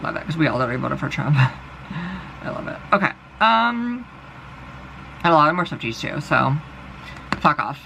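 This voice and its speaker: A man's voice: fairly high pitch, very animated, normal speed, creaky, long pauses, background noise. A young man vlogging, delivering a rambling, profane and exasperated monologue. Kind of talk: casual ranting monologue.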